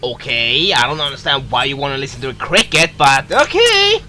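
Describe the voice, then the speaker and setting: A man giving casual, excitable gameplay commentary, laughing, humming and exclaiming. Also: mid-range voice, fast, slight background noise, rough recording. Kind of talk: casual let's-play commentary.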